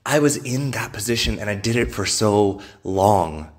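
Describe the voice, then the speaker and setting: A man's voice: lowish voice, animated, moderate pace, hardly any pauses. Man giving an emphatic motivational pep talk. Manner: emphatic, repetitive, swears freely. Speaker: podcast host. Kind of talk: motivational podcast monologue.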